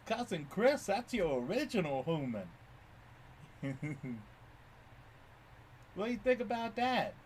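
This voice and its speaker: A man talks to his cat in a slow, unhurried drawl, his fairly high voice swinging up and down as he teases and jokes. He laughs often and keeps a loose, playful tone, with a faint hiss of background noise. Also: very animated. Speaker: pet owner filming his cat. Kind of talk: casual talk to a pet.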